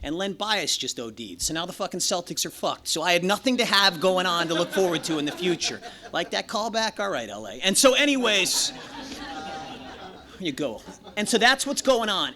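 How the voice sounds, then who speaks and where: A man's voice: high-pitched, animated, fairly quick, sharp tone. A man sharing his own recovery story as a speaker at a meeting, candid and profane, joking and acting out the voices of others. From Los Angeles. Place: meeting room.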